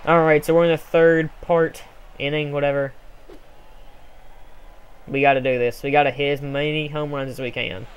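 A young man casually commenting on a sports video game he is playing, rambling and excitable with sudden yells. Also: a little high, moderate pace, long pauses, clean tone. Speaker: gameplay commentator. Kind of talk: casual let's play commentary.

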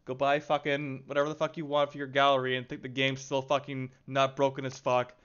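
A man's voice: on the high side, fairly bright tone, clear, resonant tone, muffled recording. An exasperated man ranting about a game, swearing constantly and sighing heavily. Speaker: gaming video creator. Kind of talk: profane angry rant.

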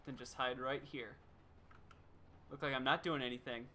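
A man's voice: medium pitch, steady tone, moderate pace, pushed and bright, slight background noise. A man streaming a video game, giving playful, chatty commentary and laughing often.

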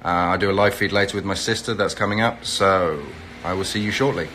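A man's voice: deep voice, fairly even intonation, brisk, bright, forceful tone, a little hiss or hum. A middle-aged Englishman, chatting casually on a phone live stream, greeting viewers by where they are and promoting an event. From England. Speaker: reality TV personality hosting a live stream.

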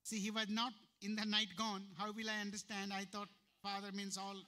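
A man with an Indian English accent preaching a sermon as pastor, firing rhetorical questions and jumping sharply in pitch and volume. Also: completely flat delivery, normal speed. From Uttarakhand, India. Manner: sudden sharp jumps in pitch and loudness.

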